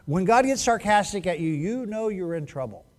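A male pastor preaching a sermon in an animated, joking way, acting out quotes as he goes. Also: sits high, normal speed.

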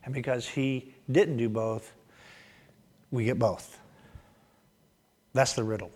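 A man preaching a sermon, animated, rising loud on emphasis and dropping to hushed asides. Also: mid-range voice, slow pace, breathy edge. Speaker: pastor.

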